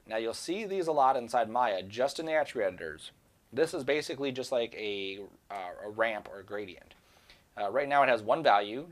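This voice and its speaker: A man giving a screen-recorded software tutorial, talking casually and rambling to himself as he works. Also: on the low side. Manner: casual, rambling, talks to himself while working. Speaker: 3D software instructor.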